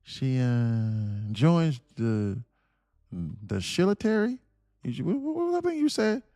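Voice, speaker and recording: A man's voice: medium pitch, sing-song, takes it slowly, dark tone, no room sound. A man putting on an impression of a rambling, stammering elderly male president who mangles names.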